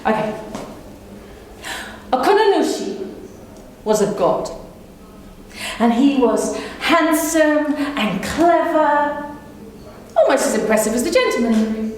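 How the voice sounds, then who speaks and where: A woman's voice: high-pitched, big pitch swings, takes it slowly, long pauses. A woman storyteller performing live for a small audience, playful and teasing. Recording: echoey room with faint hum.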